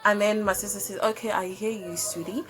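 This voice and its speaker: Young South African woman vlogger, chatty storyteller, swears freely, mid pitch, soft music bed. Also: fairly quick. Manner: animated, swearing, hesitant fillers. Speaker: YouTuber. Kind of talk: casual storytime.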